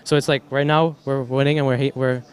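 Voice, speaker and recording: Young male pro gamer, mid-pitched, chatty post-match interview, rambling, swears freely. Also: flat delivery, a little fast. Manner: rambling, with frequent restarts and casual swearing. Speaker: professional esports player.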